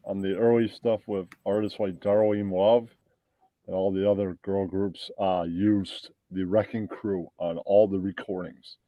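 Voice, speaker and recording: Man, mellow dark voice, dry close sound, casual voice chat, joking, rambling. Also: lowish voice, dry recording. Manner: joking, rambling music trivia.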